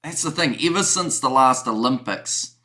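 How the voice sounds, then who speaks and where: A man's voice: mid-range voice, expressive, moderate pace, sharp tone. A man co-hosting a casual podcast chat over a video call, talking in an easygoing way full of "you know". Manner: chatty, uses "you know" a lot. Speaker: podcast co-host.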